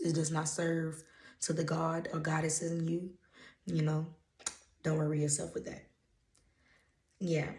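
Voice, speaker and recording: Her voice is low and warm, and the room echoes. She's an intuitive energy reader from Louisiana, speaking in that region's accent, who gives viewers blunt, emphatic, preachy motivational readings in a channeled-message vlog, swearing casually along the way.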